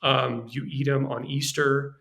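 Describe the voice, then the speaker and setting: A man, a screenwriter guest on a podcast, telling animated stories about his work in a casual way. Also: medium pitch, measured pace, creaky, a little hiss or hum. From Los Angeles. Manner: animated, restarts and acts out quoted voices.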